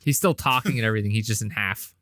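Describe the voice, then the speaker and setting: A man's voice: on the low side, fast, fairly bright tone, dry recording, studio quality. A man hosting a podcast, chiming in with short remarks and then steering the talk to the next segment. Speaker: podcast host. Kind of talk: casual chat.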